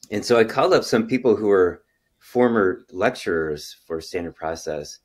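A middle-aged man, a chiropractor hosting a health interview, explaining at length and telling stories with bursts of excitement and quiet trailing asides. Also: fairly low pitch, normal speed. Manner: animated storyteller, lively when excited, trailing off into quiet asides. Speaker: chiropractor and health podcast host.

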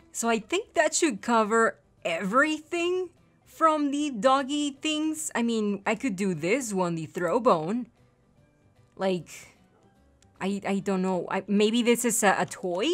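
A woman giving let's play commentary, chatty and cooing to her in-game puppy. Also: mid-range voice. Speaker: gaming video creator.

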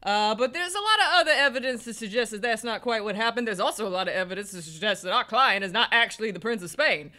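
A man's voice: high voice, fast, hardly any pauses, pushed and bright. A man with a Southern US accent, rambling and joking as he comments on a game he's playing. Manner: rambling, self-mocking, laughs often. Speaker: let's play co-host. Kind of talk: casual gameplay commentary.

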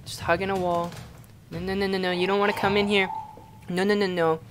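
A man's voice: sits high, level tone, brisk, fairly bright tone, slight background noise. A young man from Canada playing a horror game and commenting in a panicky, swearing way, often repeating himself in frantic bursts. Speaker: gaming YouTuber.

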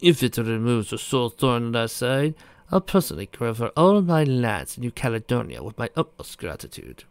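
A man voicing a smug, power-hungry prince, speaking soft and measured, a little below his own pitch. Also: big pitch swings, smooth, dry recording.

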